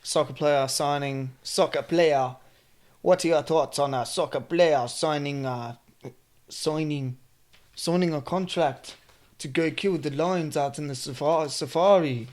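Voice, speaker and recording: A man's voice: a little high, measured pace, a little mellow. An Australian man co-hosting a podcast in casual chat, swearing often and trailing off mid-sentence. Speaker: podcast co-host.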